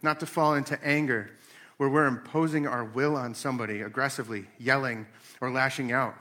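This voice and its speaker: A man's voice: medium pitch, fairly quick. A man in his late thirties talking casually about faith and family, telling stories and acting out voices. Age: 30s. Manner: animated storytelling with acted-out voices.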